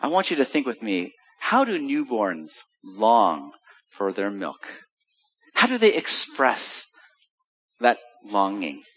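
A middle-aged American man preaching from the pulpit with a bright, ringing voice that swings widely in pitch. He fires off rhetorical questions and humorous asides, and his voice trails off into the long reverb of a large hall. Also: huge pitch swings, slow, breathy edge. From United States. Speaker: pastor. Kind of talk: sermon.

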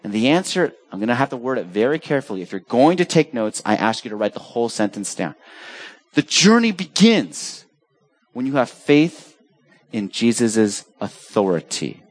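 A middle-aged pastor preaches an animated sermon at a moderate pace, swinging between urgent highs and soft, low asides.

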